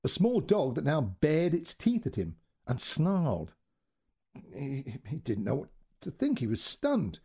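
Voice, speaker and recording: A male storyteller reading a short story with dramatic, expressive delivery. His husky, mellow voice rises and falls in a lively way. He sounds like a podcast story reading. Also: a little high, measured pace.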